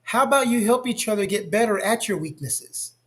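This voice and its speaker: A man chatting in a casual discussion, telling stories with animated asides. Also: high-pitched, a little fast. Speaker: co-host.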